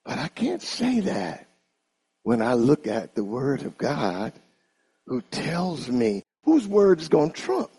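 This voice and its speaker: A man preaching a sermon in an animated style, calling on the congregation to repeat after him. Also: medium pitch, takes it slowly, slightly rough. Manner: animated, call-and-response with congregation.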